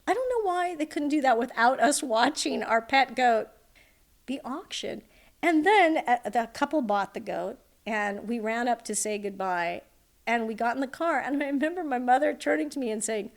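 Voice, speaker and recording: A woman author being interviewed, telling childhood anecdotes in a lively, amused way. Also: sits high, moderate pace. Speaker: author guest. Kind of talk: interview storytelling.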